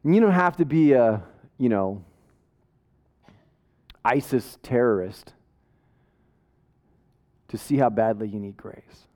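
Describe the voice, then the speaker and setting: A man preaching a sermon in a casual, conversational way, energetic and joking with the congregation. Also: medium pitch, slow, pauses often. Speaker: pastor.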